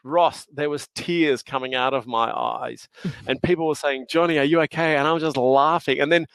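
A man's voice: fairly high pitch, fairly even intonation, moderate pace, creaky, fairly bright tone, clear, resonant tone, dry recording. Jovial Australian man telling stories. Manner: jovial, laughing storyteller with slang. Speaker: podcast guest. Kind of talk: casual chat.

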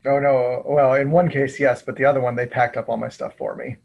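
A man hosting a podcast, chatting casually and haltingly with many restarts. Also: mid-range voice, level tone, gravelly, darkish tone, lo-fi sound. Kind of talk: casual chat.

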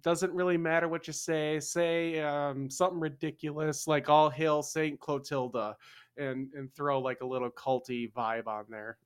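A man's voice: fairly high pitch, steady tone, normal speed, hardly any pauses, smooth. A man co-hosting a casual history podcast, chatty and jokey, often trailing off and restarting. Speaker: podcast co-host.

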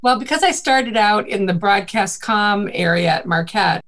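A woman's voice: medium pitch, moderate pace, fairly bright tone. A woman from the Boston area with a faint Boston accent, a marketing and events guest chatting in an interview, rambling with many fillers. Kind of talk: casual interview chat.

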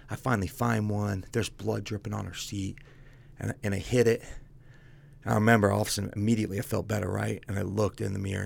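A man's voice: on the low side, gravelly. A man telling his own story as a guest, speaking bluntly and casually and calling the host "dude".

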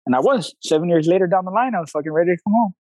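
Male coach guest, high-pitched, blunt storyteller with slang, recorded dry and close. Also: lively intonation, rapid-fire, darkish tone, no echo, rough recording. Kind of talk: casual interview talk.

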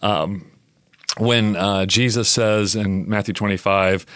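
A deep-voiced man explaining on a podcast. His talk is animated and casual, full of ums and restarts. The recording is close and dry. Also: slow pace, clean tone, no room sound. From United States. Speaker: biblical scholar on a podcast.

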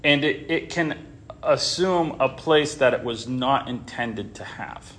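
A man's voice: mid-range voice, slow pace, fairly bright tone. A man teaching a Bible class in an informal way, often stopping short, restarting and repeating words as he talks.

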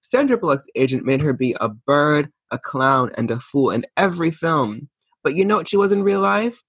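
A man's voice: a little high, big pitch swings, normal speed, fairly bright tone, husky, dry recording. A man co-hosting a casual pop-culture chat, sassy and emphatic with campy asides. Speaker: podcast co-host.

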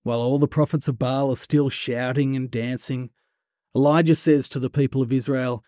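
A man retelling a Bible story for children in a playful, animated way, with sudden hushed pauses. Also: medium pitch, no room sound, studio quality.

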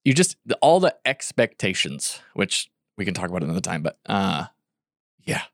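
Low-voiced man in casual chat. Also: big pitch swings, moderate pace, vocal fry, dry recording, studio quality. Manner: goofy, rambling, many fillers.

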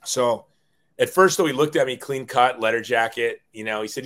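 A man's voice: medium pitch, steady tone, normal speed, fairly bright tone. A middle-aged man, a guest on an interview show, telling a personal story in an earnest, rambling way, often repeating words when moved.

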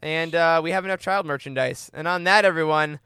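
A man hosting a casual fan podcast, quick and jokey, running the chat and wrapping up the show. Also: a little high, over music. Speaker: podcast host.

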